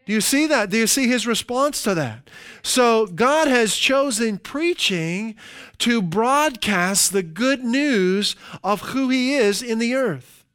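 A middle-aged male pastor preaching with a high, smooth and resonant voice. He slows down to stress key phrases, then eases into chatty, everyday asides. The sound is dry and close. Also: animated, a bit bright, no room sound. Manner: slows down for emphasis, conversational asides. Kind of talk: sermon.

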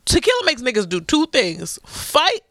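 A young adult woman chats on her podcast with a bright, lively voice that jumps around in pitch. She tells stories loudly and laughs easily, full of slang. The sound is dry and close. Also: moderate pace, no room sound. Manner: loud, laughing storyteller, slangy. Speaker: podcast host. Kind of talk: casual chat.

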